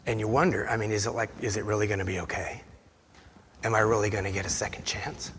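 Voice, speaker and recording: A man preaching a sermon as a pastor, animated, acting out Bible scenes, swinging from loud outbursts down to whispers. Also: on the low side, fast, in a large hall, slight background noise. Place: church sanctuary.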